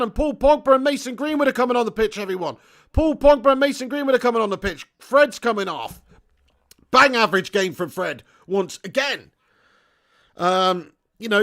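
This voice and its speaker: A young man hosting a live football watch-along, excitable and swearing as he shouts at the referee. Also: very high-pitched. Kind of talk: live match commentary and chat.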